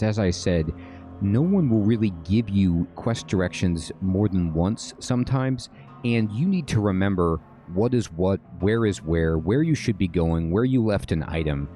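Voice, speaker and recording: Low, mellow-voiced man explaining a game. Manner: relaxed, checks in often with "all right?". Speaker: game guide host. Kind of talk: casual gameplay tutorial commentary.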